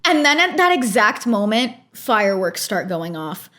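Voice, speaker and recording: A woman's voice: mid-range voice, very animated, normal speed, a bit bright, soft background music. A young woman recapping a reality show episode in a chatty, opinionated way, acting out quotes as she goes.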